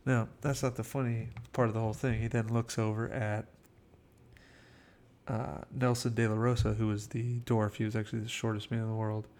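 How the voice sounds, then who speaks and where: A man's voice: on the low side, little pitch movement, brisk, a little mellow. A man casually telling behind-the-scenes film anecdotes in a chatty way, acting out quotes. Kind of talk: casual storytelling commentary.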